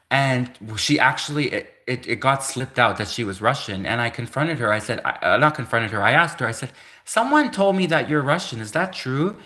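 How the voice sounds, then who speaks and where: Here a man in his thirties is hosting a livestream, spinning a meandering, casual tale. His bright, forward voice sits in the middle range; he fixes his own wording mid-sentence, leans heavily on "like," and laughs as he moves between ideas.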